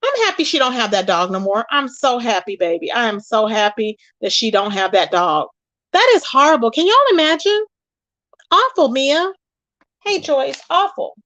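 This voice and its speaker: Woman host, AAVE, animated commentary, higher voice, dry close sound. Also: normal speed, dry recording, poor audio. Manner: animated retelling, quotes others in raised voice, addresses viewers directly. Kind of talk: casual commentary livestream.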